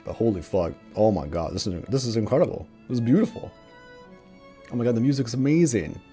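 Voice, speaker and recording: A man doing let's play commentary, excitable, swearing often and reading game text aloud. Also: medium pitch, fairly quick, soft background music. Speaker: gaming streamer.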